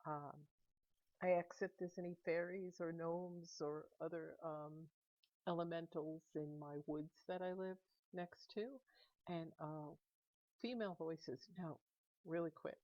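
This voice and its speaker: Mellow-voiced woman vlogger, dull dry sound. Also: on the low side, steady tone, a little slow, dry recording. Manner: plain, chatty, explains step by step. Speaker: paranormal vlogger. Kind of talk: casual narration over clips.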